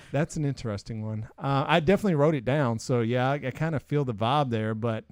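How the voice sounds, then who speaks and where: A man in his forties hosting a casual podcast chat, ranting with animated opinions. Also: medium pitch, a little fast, no room sound, clean studio sound. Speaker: podcast host.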